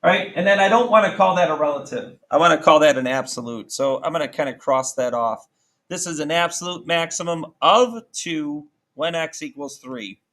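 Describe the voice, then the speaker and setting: A middle-aged man teaching a high school math class, casual and self-correcting, often asking the class questions. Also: moderate pace, fairly bright tone. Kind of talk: classroom lecture.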